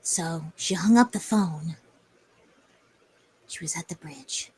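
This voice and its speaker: A woman's voice: sits low, takes it slowly, darkish tone, slightly rough. A young woman telling a story on a livestream in a rambling, hesitant way with many fillers. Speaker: streamer.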